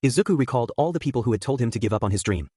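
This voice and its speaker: Man, fanfic narration, fast-paced, husky, dry close mic, voices characters. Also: medium pitch, lively intonation, a little mellow, no echo.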